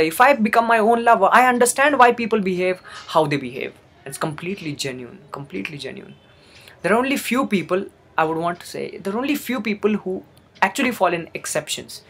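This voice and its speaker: A man's voice: sits high, fairly bright tone. A young man giving an earnest motivational talk, repeating phrases for emphasis. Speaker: motivational speaker. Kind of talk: motivational monologue.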